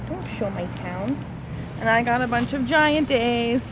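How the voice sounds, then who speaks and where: A woman's voice: a little high, animated, measured pace, background noise. A woman talking casually in a vlog, chatty and self-deprecating with frequent giggles. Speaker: vlogger.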